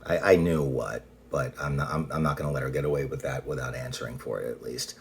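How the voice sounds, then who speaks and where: Very deep-voiced man rambling bluntly. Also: fairly even intonation, fast. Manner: rambling and blunt, with frequent restarts and swearing. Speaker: vlogger. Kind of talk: casual personal monologue.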